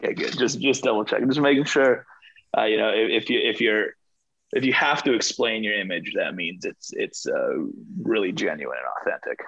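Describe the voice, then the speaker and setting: A man co-hosting a casual football podcast, delivering his jokes deadpan and sarcastic. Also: fairly low pitch, normal speed, creaky, husky, dry recording. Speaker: podcast co-host. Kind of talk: casual sports chat. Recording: dull, dry lo-fi sound.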